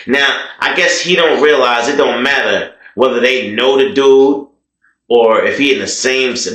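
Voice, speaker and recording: Storyteller man, slangy drawl, mid pitch, echoey room. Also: bright, forceful tone. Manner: slangy, drawled, addresses listeners as y'all. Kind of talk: casual storytime narration.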